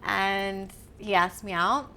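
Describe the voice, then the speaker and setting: A woman, a podcast guest, telling a story in casual chat, animated and laughing often as she acts out what others said. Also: medium pitch, slow, slight background noise.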